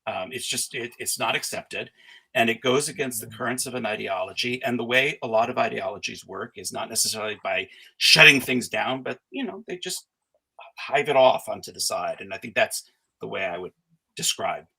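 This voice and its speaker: A middle-aged man speaking as the guest scholar in a conversational interview, thoughtful and halting, with frequent restarts and fillers. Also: medium pitch, animated, gravelly, bright, forceful tone, breathy edge, low-quality recording.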